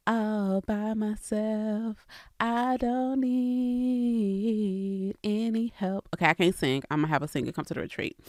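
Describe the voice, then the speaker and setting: A woman's voice: low-pitched, no echo. A woman, speaking in a candid, faith-filled podcast monologue straight to her listeners. The sound is dry and close, with no room around it. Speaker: real estate coach and podcast host.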